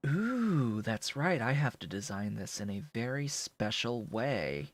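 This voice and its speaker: A man's voice: medium pitch, very animated, measured pace. A man streaming a building game, thinking aloud in casual commentary as he works.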